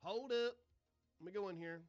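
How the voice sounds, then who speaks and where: A man's voice: high-pitched, moderate pace, no room sound, highs cut off, faint music behind. A man hosting a live astronomy stream, chatting casually, swearing and reading out and answering viewer comments, sarcastic toward trolls. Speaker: astronomy livestream host.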